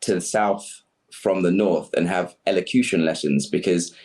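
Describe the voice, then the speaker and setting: Podcast guest: man from Sierra Leone, low voice, reflective, thoughtful delivery. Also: moderate pace, a little mellow. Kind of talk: conversational podcast interview.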